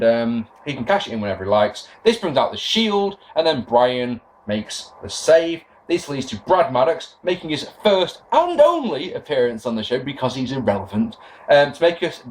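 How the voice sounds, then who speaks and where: Sarcastic man ranting. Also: fairly high pitch. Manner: sarcastic, swearing, animated rants. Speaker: wrestling podcast host. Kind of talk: casual show recap with sarcastic commentary.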